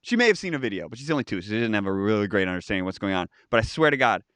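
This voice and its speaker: An animated man on a live stream, his voice jumping up and down in pitch as he jokes around. The tone is bright and a little forceful, and the sound is close and dry, with no room echo. He reads viewer comments and throws in quick impressions. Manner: animated, jokey, mimics voices. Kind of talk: casual chat, reading viewer comments.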